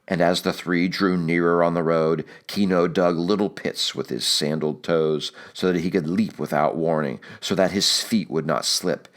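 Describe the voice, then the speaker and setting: A male audiobook narrator with a deep, low voice. He reads in a measured, deliberate manner, slowing down to weigh his phrases.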